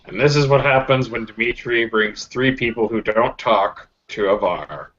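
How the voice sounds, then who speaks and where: A man's voice: medium pitch, moderate pace, fairly bright tone. A man running a tabletop game as game master, chatty and joking with fillers, over slightly muffled voice chat.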